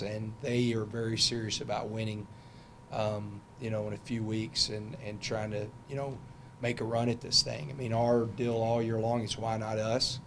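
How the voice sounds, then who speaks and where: Chatty football coach, middle-aged. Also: male voice, fairly low pitch, a little hiss or hum. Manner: loose, conversational, many fillers and restarts. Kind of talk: press conference answers.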